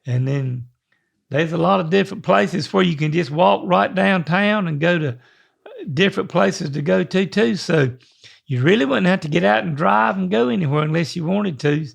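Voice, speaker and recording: An older man, co-hosting a podcast in a rambling, folksy way with halting restarts. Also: high-pitched, vocal fry. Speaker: podcast co-host. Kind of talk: casual podcast chat.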